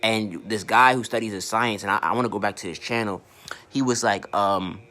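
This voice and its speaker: Talking to camera in a loose rant, this man, an online marketing coach, swears bluntly and trips on repeated words. He has a lowish voice with a sharp tone and speaks a little fast.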